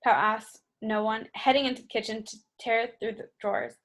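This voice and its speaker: A woman narrates a novel for an audiobook, her voice sitting a touch higher than most. She reads at a steady, brisk clip. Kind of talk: scripted narration.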